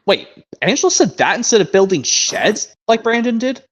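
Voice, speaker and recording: A man's voice: high-pitched, big pitch swings, slight background noise. A young man streaming a casual chat, rambling and restarting his sentences as he compares versions of a show. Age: young adult. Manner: rambling, restarts sentences, reads narration aloud slowly. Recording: muffled lo-fi stream audio.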